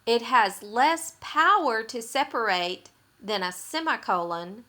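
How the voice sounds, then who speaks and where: A woman teaches a grammar lesson in a bright, slightly high voice. She speaks slowly and patiently, restating each point so it sinks in. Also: animated. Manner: patient, explanatory, repeats points for emphasis. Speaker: writing teacher. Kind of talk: explaining grammar rules in a recorded lesson.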